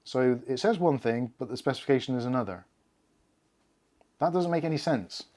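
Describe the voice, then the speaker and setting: A man's voice: mid-range voice, lively intonation, normal speed, darkish tone. A man with a Bristol accent hosting a casual tech livestream from his desk, joking and swearing freely as he chats. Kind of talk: casual live-stream chat. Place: indoors at a desk with laptop and cameras.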